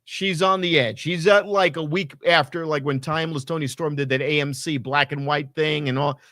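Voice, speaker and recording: A man casually recapping a wrestling show, animated and rambling, with lots of fillers and swearing. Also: on the high side, normal speed, no room sound, clean studio sound. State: hot and sweaty. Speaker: podcast co-host.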